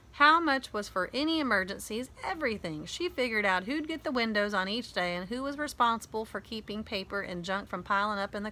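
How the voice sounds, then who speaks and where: A woman reading a children's novel aloud, narrating in a boy's first person in a lively, conversational way. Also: fairly high pitch. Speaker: audiobook reader.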